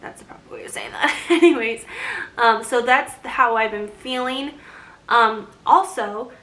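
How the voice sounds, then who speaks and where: A young woman talks through a casual vlog, chatty and rambling, with a bright, fairly high voice. She sounds short of breath while she talks and laughs often between her thoughts. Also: measured pace. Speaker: vlogger. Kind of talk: casual pregnancy update vlog.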